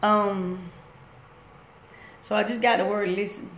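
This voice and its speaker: A woman's voice: mid-range voice, steady tone, slow. A woman giving a casual motivational talk on a phone live stream from her workplace, rambling and conversational. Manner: rambling, loose and conversational, breaks off to greet viewers. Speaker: inspirational speaker on a live stream. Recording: echoey room with faint background noise.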